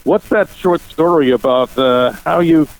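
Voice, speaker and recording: A man's voice: a little high, a little slow, poor audio. A male podcast host asking enthusiastic interview questions.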